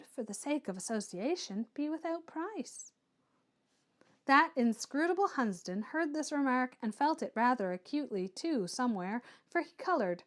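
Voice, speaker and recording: Female audiobook narrator, measured storytelling delivery, a little high. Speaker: audiobook reader. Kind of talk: reading a classic novel aloud.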